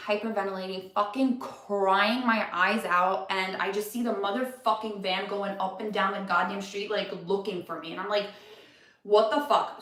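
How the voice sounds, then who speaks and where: A woman's voice: mid-range voice, fairly bright tone. A young woman vlogging a candid personal story, chatty and full of swearing and "like". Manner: candid, swears a lot, lots of "like". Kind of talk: casual storytelling vlog. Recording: roomy echo.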